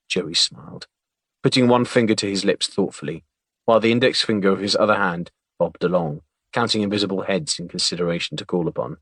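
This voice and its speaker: Wry low-voiced male audiobook narrator. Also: a bit bright, breathy edge, no echo. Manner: measured, wry storytelling.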